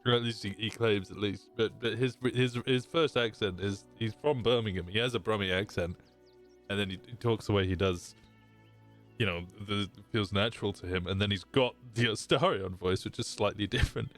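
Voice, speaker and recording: A man's voice: fairly low pitch, normal speed, fairly bright tone, faint music behind. A man streaming a video game, chatting casually, swearing, laughing often and tripping over his words. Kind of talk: casual gaming commentary.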